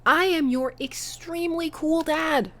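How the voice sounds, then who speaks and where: A woman's voice: sits high, unhurried, a bit bright, pitched above the performer's own voice. A woman voicing a doting, goofy single dad in a video game, reading his lines playfully in her own voice. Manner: playful, proud, teasing. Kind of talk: voicing a game character aloud.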